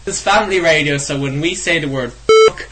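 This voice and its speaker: A man's voice: on the high side, normal speed. A teenage man with a Dublin Irish accent, co-hosting a casual home podcast from his bedroom, joking and laughing. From Ireland. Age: teens. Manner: jokey, laughing, interrupting. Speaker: co-host. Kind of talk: casual amateur podcast chat. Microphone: microphone in a makeshift setup.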